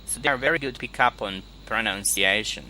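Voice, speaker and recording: A man gives a one-on-one lesson over a call, his voice very bright and sharp. He is patient and repeats the key words so the student catches them. A faint hiss sits behind the voice. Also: lowish voice, a little fast, low-quality recording. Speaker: English teacher. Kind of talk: online one-on-one English lesson.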